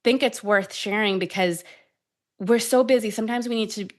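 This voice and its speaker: A woman in her thirties who is a tapping expert, guiding a calm tapping sequence and then telling stories in an animated, conversational way. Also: mid-range voice, normal speed. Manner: calm, soothing guidance shifting to animated storytelling. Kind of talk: guided tapping and conversational chat.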